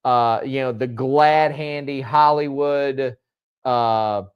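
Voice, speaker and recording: A man's voice: mid-range voice, fairly even intonation, slow, smooth, highs cut off. A man co-hosting a casual wrestling chat show, rambling and restarting his phrases, swearing now and then. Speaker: podcast co-host.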